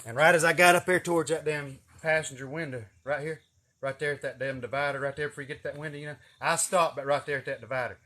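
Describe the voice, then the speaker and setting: A man spinning a comic yarn in a fairly high voice. He talks in a loose, folksy way, full of cussing and colorful asides. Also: fairly even intonation, fast, bright, forceful tone. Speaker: storyteller. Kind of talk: casual comedic storytelling.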